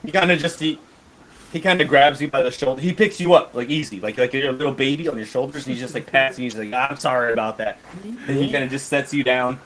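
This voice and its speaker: A man's voice: mid-range voice, fast, fairly bright tone. A man narrating a tabletop game as game master, rambling with many restarts.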